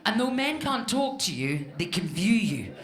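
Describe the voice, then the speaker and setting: A woman's voice: mid-range voice, sing-song, normal speed. A woman in her fifties from Scotland doing a stand-up comedy set on a club stage, chatty and self-mocking, talking straight to the crowd. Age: 50s. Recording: live club room with echo and audience laughter. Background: audience laughter.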